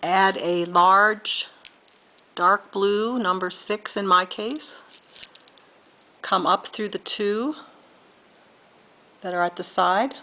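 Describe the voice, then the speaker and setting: This middle-aged beading teacher talks slowly, leaving long pauses, in a mid-range voice with a sharp edge. Recorded at low quality, she patiently explains the process stage by stage while counting beads and correcting herself.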